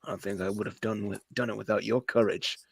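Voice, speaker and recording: A man's voice: on the low side, steady tone, fast, creaky, a little hiss or hum, voice pushed down. A man doing an earnest heroic rabbit superhero. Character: heroic male cartoon rabbit superhero, brave and kind.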